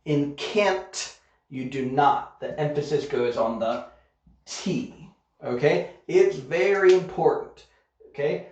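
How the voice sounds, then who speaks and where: A man teaches English grammar online in a slow, deliberate way, sounding out example sentences and checking in with "okay?" as he goes. His voice sits a little high for a man. The recording is dull and lo-fi, with an echoey room around him. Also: a little mellow.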